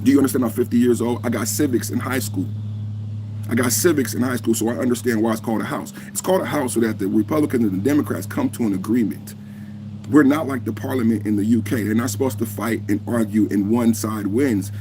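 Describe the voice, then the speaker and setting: A man of fifty hosting a live podcast, reacting heatedly, cursing and shouting at trolls in the chat while he holds his phone. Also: mid-range voice, fast, background noise. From United States. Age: 50s. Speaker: podcast host. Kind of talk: live-stream reaction talk. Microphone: phone held in hand.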